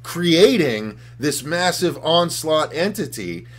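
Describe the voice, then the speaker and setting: A man co-hosting a casual livestream chat, excitable and profane, reading viewer comments aloud. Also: on the high side, takes it slowly. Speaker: podcast co-host.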